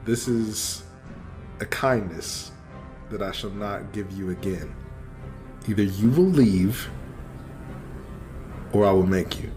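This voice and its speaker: A man voicing a cold, haughty male official who speaks quietly and formally. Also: on the low side, takes it slowly, pauses often, soft background music, voice pushed down.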